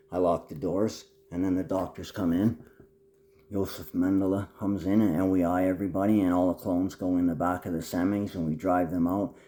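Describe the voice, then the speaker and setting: Rambling, swearing man with a low voice. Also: a little hiss or hum. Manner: swings from low mutter to loud high outbursts. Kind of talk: rambling monologue to camera.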